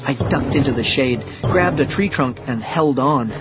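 A man's voice: mid-range voice, moderate pace, over loud music. Man dramatically reading a children's adventure. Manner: lively, dramatic storytelling. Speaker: audiobook narrator. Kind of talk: first-person audiobook reading of a children's adventure.

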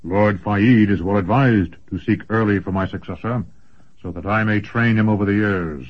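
A man reading aloud drops into a massive, gruff old sorcerer who lectures in a low rumble. The sound is dull and lo-fi, like an old audiobook. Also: moderate pace, natural voice. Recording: dull lo-fi recording.

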